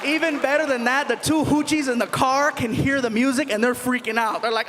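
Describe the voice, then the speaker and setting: A man doing stand-up comedy, telling a story with animated delivery, acting out voices and shouting punchlines. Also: very high voice, brisk, crowd noise, noisy background. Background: audience laughter.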